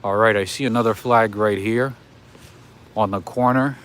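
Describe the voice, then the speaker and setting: Out on a night-time city street, a livestream host walks and chats casually with his viewers, laughing frequently. His voice sits on the low side with a fairly bright tone, fairly even intonation and a normal pace.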